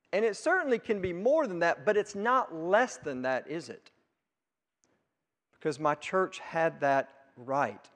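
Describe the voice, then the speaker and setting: A man with a high, light voice preaches slowly and deliberately, leaning hard into key words before sinking to a hush. His sermon rings through a church hall with a long, trailing reverb. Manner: emphatic, swells loud on key words then drops low. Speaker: pastor. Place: church sanctuary.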